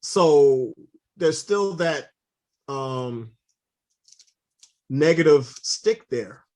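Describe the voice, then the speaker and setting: A man being interviewed for a podcast, answering in a thoughtful, measured way. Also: fairly high pitch, expressive, mellow.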